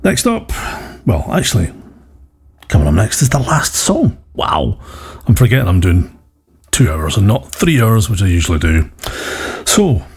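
A man's voice: fairly low pitch, wildly swooping pitch, measured pace, pauses often, darkish tone, slightly rough. A man presenting a radio show, rambling in a jokey, self-mocking way.

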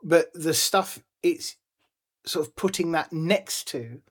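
A podcast co-host in casual chat, rambling and repeating words while thinking out loud. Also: mid-range voice, slow, husky.

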